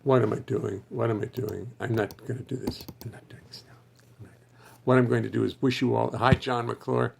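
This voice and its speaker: A hoarse man hosting a casual livestream for fans, chatting loosely, thinking aloud and greeting viewers by name. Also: medium pitch, steady tone, fairly quick, noisy background. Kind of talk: rambling casual livestream chat.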